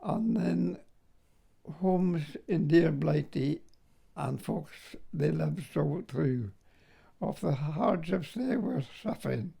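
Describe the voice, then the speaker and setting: This older Scotsman, a war veteran, speaks slowly with lively intonation in a slightly high, dark, slightly rough voice with vocal fry. He tells stories in an interview, chuckling and frequently tossing in "like, you know."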